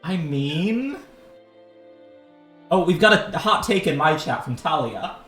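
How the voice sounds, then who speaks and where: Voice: medium pitch, animated, takes it slowly, fairly bright tone, roomy sound, soft background music. A voice actor chatting on a game stream, joking and reading out comments from chat. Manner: reads out chat comments, jokey. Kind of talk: casual chat.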